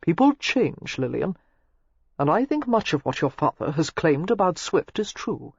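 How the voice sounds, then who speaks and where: A reader voicing a calm nobleman husband who speaks evenly with dry amusement. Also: on the high side, unhurried, creaky, husky, no echo, muffled recording, exaggerated voice. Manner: even, dryly amused. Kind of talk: audiobook character voice.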